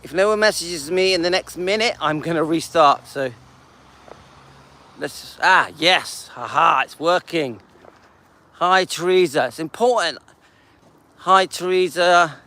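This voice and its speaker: Chatty older man, high and bright. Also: unhurried, long pauses. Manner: chatty, greets viewers by name, restarts sentences. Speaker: live-stream host. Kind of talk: casual live-stream chat. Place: outdoors walking through a seaside town.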